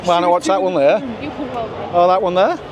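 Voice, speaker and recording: A man's voice: high-pitched, moderate pace, crowd noise. A man with a Yorkshire accent chatting casually to camera while walking a busy street at night, rambling in broad dialect. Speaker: travel vlogger. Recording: street noise with passing traffic.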